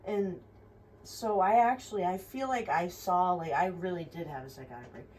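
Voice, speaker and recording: A woman's voice: lowish voice, moderate pace, a little mellow. A young woman tells a personal story in a rambling, frank way, swearing often and using many fillers. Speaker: vlogger. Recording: somewhat distant mic with faint room noise.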